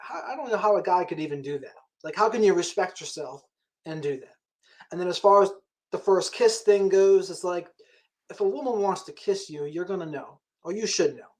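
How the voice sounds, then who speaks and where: A man hosting an interview, giving relaxed, opinionated dating advice in casual chat. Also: high voice, moderate pace. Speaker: host.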